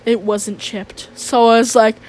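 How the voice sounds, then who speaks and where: A woman's voice: fairly high pitch, flat delivery, measured pace, a little mellow. A woman telling stories in a casual vlog monologue. She talks in a rambling, slangy way, swears a lot and turns sarcastic. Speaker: vlogger.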